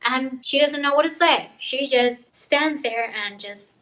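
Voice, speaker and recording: A bright-voiced woman rattles through a casual book summary in a loose, playful, chatty way. Her pitch sits a touch high, and her tone is vivid and forward. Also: a little slow, rough recording. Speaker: book vlogger.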